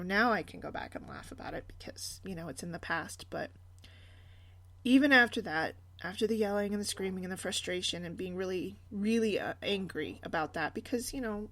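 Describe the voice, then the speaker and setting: A woman's voice: lowish voice, fairly bright tone. Woman podcast host, 30s, candid storyteller who laughs easily. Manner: candid, laughs often while telling stories.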